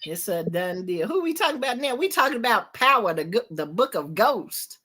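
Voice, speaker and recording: A woman host with a slightly high voice briskly retells a TV episode's story in casual conversation, acting out quotes with animation and swearing freely.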